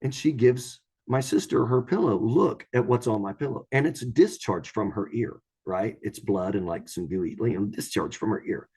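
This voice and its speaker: A man's voice: on the low side, normal speed, few pauses, a little mellow, slightly rough. A man telling a true strange story in a casual, rambling way, with frequent restarts and quoted voices. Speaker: storyteller guest.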